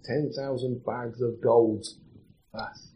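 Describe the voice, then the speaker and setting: A man's voice: mid-range voice, slow, muffled recording. A man preaching a sermon as pastor, chatty and putting questions to the congregation. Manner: conversational, asks the congregation questions.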